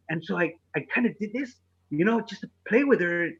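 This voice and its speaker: Lively husky man telling a story. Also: high-pitched, brisk, dull audio. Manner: animated, profane, laughs through the punchline. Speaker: comedian podcast co-host. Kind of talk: casual storytelling.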